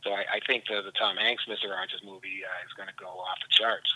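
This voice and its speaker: A man chatting as a guest, talking fast and eagerly. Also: sits low, level tone, sharp tone, breathy edge, low-quality recording. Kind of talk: casual chat.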